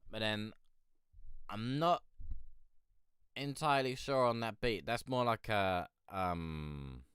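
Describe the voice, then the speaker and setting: A man's voice: on the low side, slow pace, a bit bright, clean tone, no room sound, studio quality. A man hosting a live music-review stream, rambling and hesitant as he gives casual feedback, sleepy and yawning, swearing now and then. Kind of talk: casual livestream commentary.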